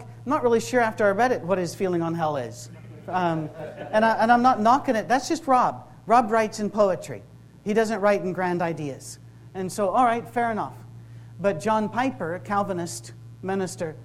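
A middle-aged man with a Scottish accent giving a humorous sermon-style talk to a live audience, conversational and full of quick asides. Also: high-pitched, slight background noise. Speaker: campus ministry speaker. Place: workshop room with a live audience.

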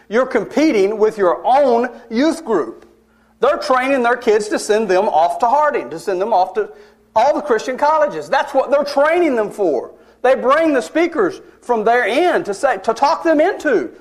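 High-voiced man preaching a story. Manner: conversational, emphatic, with wry asides and laughs. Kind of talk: storytelling sermon.

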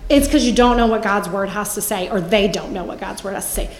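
A woman in her forties giving a Bible teaching talk in a lively storytelling manner. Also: medium pitch, fast. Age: 40s. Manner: lively storytelling, acts out quotes with laughs. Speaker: campus ministry speaker. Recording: echoey room.

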